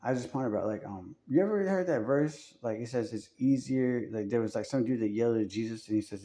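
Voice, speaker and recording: A man's voice: mid-range voice, brisk, hardly any pauses, warm tone. A man talking in a casual, rambling monologue, profane and full of fillers and restarts.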